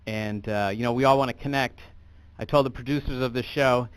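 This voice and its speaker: Dry, deadpan American comic. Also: male voice, medium pitch, fairly quick, clear, resonant tone, no echo. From United States. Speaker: stand-up comedian. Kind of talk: stand-up comedy.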